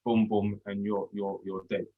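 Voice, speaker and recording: A man's voice: lowish voice, flat delivery, moderate pace. A man in his thirties from London with a Cockney accent, a former police officer talking earnestly and reflectively in a casual discussion. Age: 30s. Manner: earnest, reflective, with frequent restarts. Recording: dull lo-fi audio.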